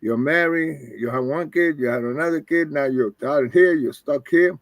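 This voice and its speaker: A man's voice: fairly high pitch, normal speed, no echo. An older man and retired wrestler telling rambling stories as a guest, acting out the voices of people he quotes. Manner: rambling, acts out quoted dialogue. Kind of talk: casual storytelling.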